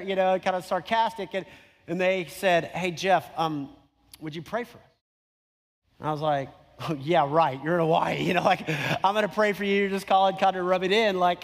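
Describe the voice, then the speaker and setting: A man's voice: sits high, brisk. A middle-aged man preaching a sermon, telling a story in a conversational way with emphatic repetition. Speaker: pastor. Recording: long hall reverb.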